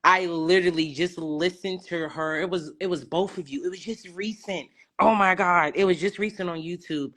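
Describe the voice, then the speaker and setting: A woman's voice: lowish voice, normal speed, hardly any pauses, fairly bright tone. A young woman calling into a live stream, talking in an emotional, rambling and effusive way. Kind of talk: casual chat.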